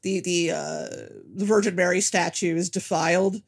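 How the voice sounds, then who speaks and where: A woman co-hosting a podcast in casual chat, animated and laughing, with lots of fillers. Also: on the low side, moderate pace, creaky. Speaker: podcast co-host.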